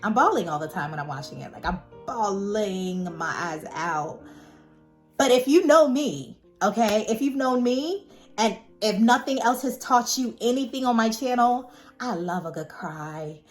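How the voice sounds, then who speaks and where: A woman vlogger in a casual, heartfelt monologue, animated and emphatic, who repeats words for emphasis. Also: medium pitch, unhurried, soft background music. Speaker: vlogger reviewing a web series.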